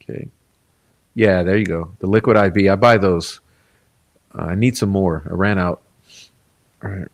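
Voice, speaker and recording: A man's voice: low-pitched, fairly even intonation, moderate pace, long pauses. A man hosting a casual livestream, reading viewer comments aloud in a laid-back, rambling way, chuckling often. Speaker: livestream host.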